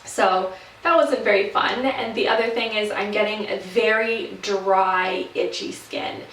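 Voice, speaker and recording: A woman's voice: medium pitch, fairly even intonation, unhurried, a bit bright, distant mic. A young woman from Canada talks casually to her viewers in a loose, rambling way, full of fillers and restarts. Her voice sits a little away from the mic in a room with a noticeable echo. A faint background hiss stays under her voice. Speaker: vlogger. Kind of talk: casual pregnancy update vlog. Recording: roomy echo, voice set back from the mic.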